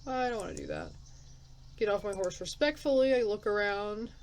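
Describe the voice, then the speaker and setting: A woman let's player reads a story game's text aloud and thinks out loud in casual, chatty commentary, laughing at herself. Her medium-pitched voice swings hugely in pitch at a moderate pace, and the recording is rough.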